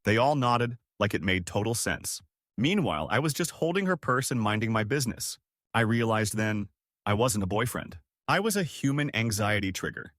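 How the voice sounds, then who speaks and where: A man's voice: medium pitch, lively intonation, moderate pace, a bit bright, no room sound, clean studio sound. A man giving scripted narration of reader-submitted stories in a wry storytelling manner.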